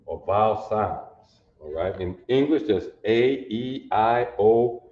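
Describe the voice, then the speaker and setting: Male teacher, slow and patient, lower voice, sounds out syllables; muffled, echoey room recording. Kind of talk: classroom lesson.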